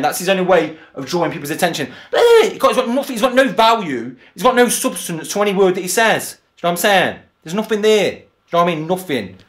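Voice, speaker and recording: A man ranting profanely in a vlog, often asking "do you know what I mean". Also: high voice. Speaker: vlogger. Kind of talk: angry rant over video clips.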